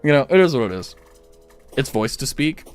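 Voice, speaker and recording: A man's voice: mid-range voice, big pitch swings, moderate pace, soft background music. A young man streaming a game, chatting casually with viewers and rambling through self-mocking jokes. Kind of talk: casual chat while gaming.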